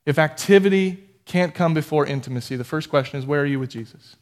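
A man's voice: mid-range voice, brisk. A man preaching a sermon as pastor, talking conversationally with restarts and building to fired-up emphasis.

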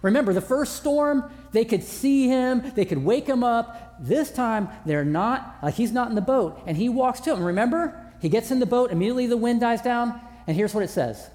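Animated preacher in a reverberant hall. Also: male voice, very high voice, moderate pace. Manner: conversational, self-deprecating humor. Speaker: pastor. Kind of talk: sermon. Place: large church auditorium.

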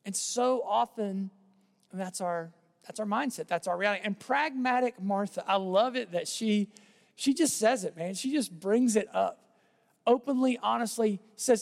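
High-voiced man preaching in a hall. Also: normal speed. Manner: conversational preaching, repeats phrases, trails off softly at phrase ends. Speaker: pastor. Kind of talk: sermon.

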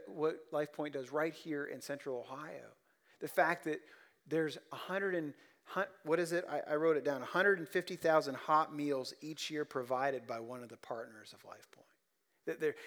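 Storytelling male pastor, fairly high voice. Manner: storytelling, swings from soft to loud. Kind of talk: sermon.

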